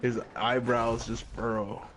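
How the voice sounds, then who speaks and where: A young man telling a comic story in an animated, laughing way, with background noise. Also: medium pitch, measured pace.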